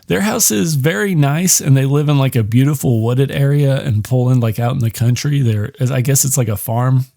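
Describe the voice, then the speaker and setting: A man's voice: medium pitch, moderate pace, vocal fry, mellow, dry recording, studio quality. A man hosting a podcast, casually recapping a film in a rambling, profane way with lots of fillers. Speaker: podcast host.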